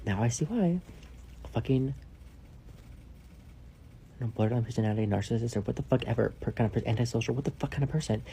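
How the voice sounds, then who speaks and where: A man telling a casual storytime, rambling and swearing, leaning on "like" and dropping into hushed asides. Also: mid-range voice, fast, creaky, pauses often, a little hiss or hum. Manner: rambling, profane, heavy use of "like"; drops to a hushed whisper for asides.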